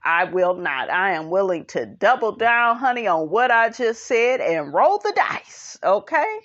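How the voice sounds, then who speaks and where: A woman giving a sassy, animated casual commentary recap of a reality show, tossing in "honey" and "okay" as she goes. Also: a little slow, dull audio. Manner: sassy, animated, sprinkles 'honey' and 'okay'; breaks into high laughing impressions.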